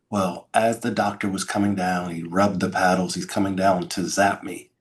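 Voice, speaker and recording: A man's voice: low-pitched, fairly even intonation, brisk, hardly any pauses. A middle-aged man telling his story as an interview guest, acting out sounds and quoted lines with dramatic flair. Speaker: podcast guest, keynote speaker.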